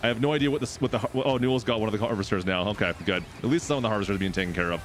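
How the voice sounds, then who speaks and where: A man streaming live farm gameplay, chatting excitably with his viewers and talking to the game. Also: on the low side, racing, faint music behind. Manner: excitable, chatty, talks to chat.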